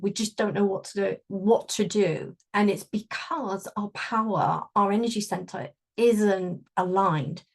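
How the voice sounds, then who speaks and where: Woman, workshop leader, gentle conversational guidance, mid-range voice. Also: mid-range voice. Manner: warm conversational explaining with gentle affirmations. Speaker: energy healing workshop leader. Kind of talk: guided workshop teaching.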